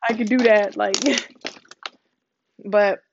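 A woman's voice: medium pitch, steady tone, slow pace, gravelly. A young woman talking candidly in a casual vlog, rambling with lots of "like" and freely swearing. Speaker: vlogger. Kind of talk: casual personal vlog monologue. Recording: dull lo-fi recording with faint noise.

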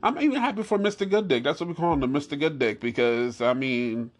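A man telling a funny personal story in casual chat, animated and laughing often, swearing freely and repeating his punchlines. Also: fairly high pitch, fast.

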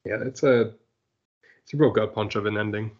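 A man co-hosting a casual podcast chat, talking haltingly with many "like"s and restarts. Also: on the low side, muffled recording. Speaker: podcast co-host.

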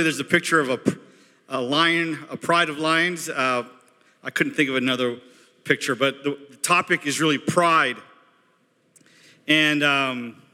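A man's voice: on the high side, sharp tone. A man preaching a sermon as pastor, chatty and self-deprecating. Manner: chatty, self-deprecating, quotes movie lines. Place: church hall. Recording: reverberant church hall.

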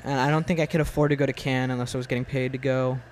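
A man in his twenties in casual chat about films, halting and blunt, with lots of fillers. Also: mid-range voice, steady tone, slight background noise, rough recording. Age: 20s. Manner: halting, full of "like" and "uh", blunt opinions. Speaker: film fan in conversation.

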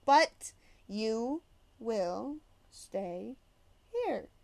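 A woman's voice: on the high side, animated, measured pace, a little mellow. A woman voicing a stern, menacing female schoolteacher who speaks in clipped, cold commands in a storybook reading.

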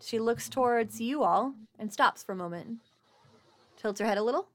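A woman game master narrating a streamed tabletop game, animated and quick when signing off. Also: on the high side. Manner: animated, quick sign-off with laughter.

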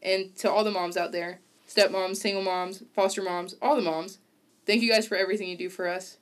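A woman's voice: medium pitch, steady tone, brisk. Bubbly young woman podcast host. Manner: bubbly, giggly, affectionate. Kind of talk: casual chat.

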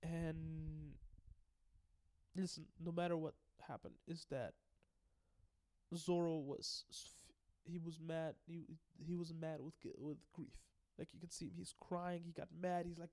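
A man giving an excitable, casual recap, swearing freely and often stumbling and restarting. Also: on the high side, unhurried. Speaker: anime and manga recap host.

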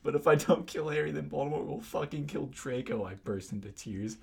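A man's voice: fairly high pitch, creaky, breathy edge. Young man reading fan fiction, laughing. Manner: reads aloud, quick to laugh and interrupt. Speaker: podcast co-host.

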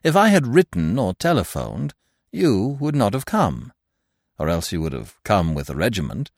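A man voicing a suave, teasing young gentleman thief who talks in a playful, mock-affectionate way. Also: fairly low pitch, very animated, normal speed, vocal fry, dry recording, clean studio sound, exaggerated voice.

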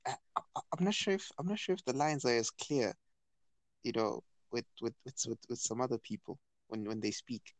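A man with a South African accent co-hosting a podcast, excitable, stammering and repeating himself in casual chat. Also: mid-range voice, normal speed, dry recording. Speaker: podcast co-host.

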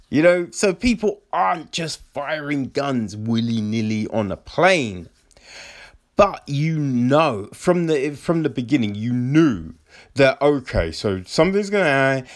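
A man giving a profane, exasperated review of a show, mocking its characters in high put-on voices. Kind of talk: ranting casual review.

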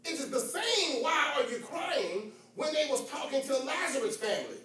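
A man preaching a sermon with impassioned call and response, swinging from hushed talk to shouting. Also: very high voice, sing-song, normal speed. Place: church. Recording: very echoey church, voice from far off.

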